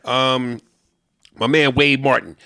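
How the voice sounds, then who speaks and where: A man hosting a comedy podcast, talking in a profane, animated way and breaking into impressions. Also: medium pitch, slow pace, no room sound. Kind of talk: casual comedy podcast chat.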